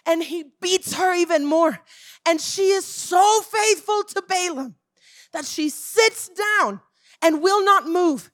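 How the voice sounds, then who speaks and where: A woman's voice: very high voice, slow, a bit bright. A woman preaching a sermon, emphatic and calling out to the congregation as church.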